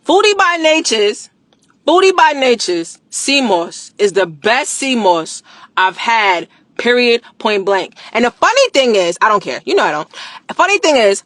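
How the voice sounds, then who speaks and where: A woman chatting casually on a live stream. She is animated, slangy and emphatic, repeats phrases for emphasis and laughs often. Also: fairly high pitch, unhurried, dry recording. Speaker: livestreamer promoting a product.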